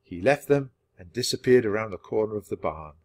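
Lively man reading a children's book. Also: lowish voice. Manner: clear, steady, unhurried. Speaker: narrator. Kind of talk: children's book read-aloud for language learners.

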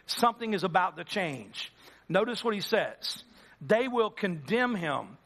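A man's voice: high voice, a bit bright. A man preaching as pastor, conversational and acting out the quoted lines. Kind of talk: sermon.

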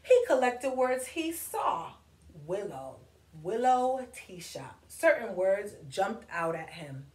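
A woman reading a picture book aloud to children, slowly spelling out words and inviting them to clap syllables with her. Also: medium pitch, very animated, a little mellow, recorded from a distance. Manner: slow, encouraging, spells and claps words with kids. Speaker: storytime reader. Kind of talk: children's read-aloud lesson. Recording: echoey room with faint noise.

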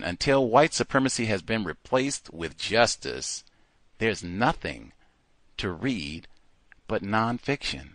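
A man hosting a call-in talk show, speaking in an animated, emphatic way and repeating words for stress. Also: fairly low pitch, takes it slowly, no room sound. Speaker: host. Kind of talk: call-in radio talk monologue.

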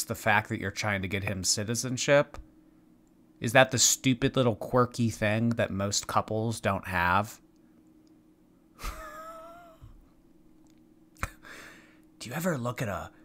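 A man's voice: lowish voice, big pitch swings, slow pace, long pauses, sharp tone. A man hosting a reaction commentary, talking in a dry, mocking, teasing way. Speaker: commentary host.

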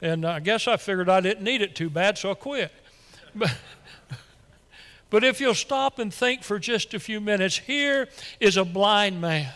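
A man preaching a Sunday sermon as pastor, folksy and excitable, repeating words as he gets worked up. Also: high-pitched, measured pace. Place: church sanctuary. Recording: long church reverb.

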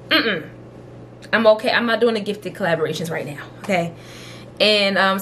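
A woman's voice: medium pitch, a bit bright, a little hiss or hum. A young woman chatting casually at home as a beauty vlogger, giggly and full of fillers like "like" and "um". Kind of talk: casual vlog chat. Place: at home, indoors.

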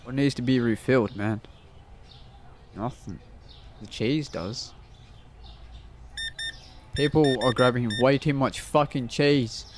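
A man chats his way through a game, cursing freely and muttering sums under his breath as he counts change. His voice sits at an ordinary middle pitch. The recording carries clear background noise. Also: slow, pauses often. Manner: swears constantly, mutters prices while counting change. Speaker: gaming channel host. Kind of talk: casual gameplay commentary.

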